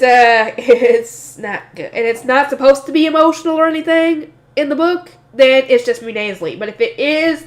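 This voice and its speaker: A woman reading a light novel aloud with a slightly nasal voice, breaking off into chatty, emotional asides. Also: high voice. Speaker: audiobook reader.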